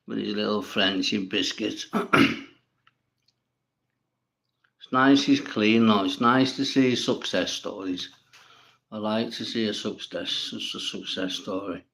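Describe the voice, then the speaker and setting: A man's voice: lowish voice, vocal fry, fairly bright tone. A man hosting a casual livestream, reading viewers' comments and answering them bluntly, with plenty of swearing and rambling. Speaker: livestream host.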